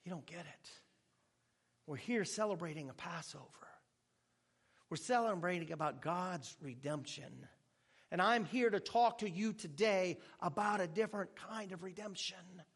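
A man voicing a calm, solemn male teacher at supper, speaking quietly, slowly and gently. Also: sits high, gravelly, husky, heavily acted.

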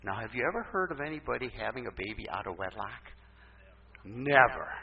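Animated preacher man, recorded from afar. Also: fairly quick, gravelly, a little hiss or hum. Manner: animated, emphatic, with sudden swoops up in pitch. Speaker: pastor. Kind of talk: storytelling sermon. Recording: distant, dull, muffled recording.

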